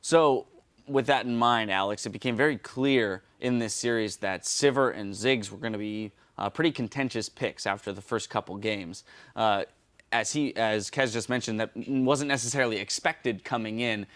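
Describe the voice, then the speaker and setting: A man's voice: on the low side, moderate pace, a bit bright, dry recording. A man interviewing players after an esports match, asking long, fluent and detailed questions.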